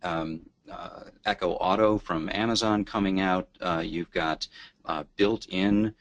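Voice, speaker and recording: Brief: deep-voiced male panelist, halting delivery full of fillers, dry close sound. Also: steady tone, no room sound, lo-fi sound. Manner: hesitant, many fillers and restarts. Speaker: guest panelist. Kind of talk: webinar discussion.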